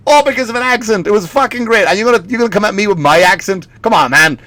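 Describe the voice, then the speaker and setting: Profane Irish comedian, bright tone. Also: male voice, high-pitched, lively intonation, quick pace, hardly any pauses, no room sound. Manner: profane, rambling, laughing at his own story. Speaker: stand-up comedian. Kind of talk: comedic rant.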